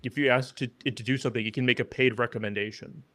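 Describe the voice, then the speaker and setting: A man co-hosting a podcast, explaining things in a relaxed, matter-of-fact way. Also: medium pitch, fast, dry recording. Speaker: podcast co-host. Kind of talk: casual explaining.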